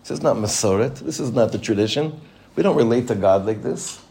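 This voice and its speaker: A man's voice: mid-range voice, expressive, brisk, dark tone, lightly acted. A man voicing the cynical inner voice of the evil inclination, scoffing with indignant questions.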